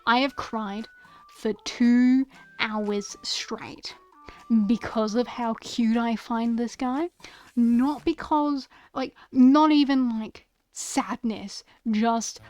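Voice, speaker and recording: A woman's voice: on the high side, fairly even intonation, very slow, darkish tone. A young woman streamer chatting casually and gushing about favorite characters, stammering and repeating words often.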